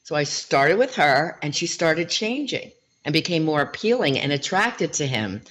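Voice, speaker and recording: A middle-aged woman, a relationship coach as guest, telling client stories in a lively, animated way. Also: low voice, normal speed. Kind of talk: interview storytelling.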